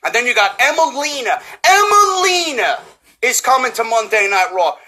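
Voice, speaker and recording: A man with a New York accent tears into the subject in a profane, mocking rant that keeps breaking into shouts. His voice sits high and bright and swings widely in pitch. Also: animated, fairly quick. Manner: swearing, often shouting, mocking. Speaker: wrestling reviewer.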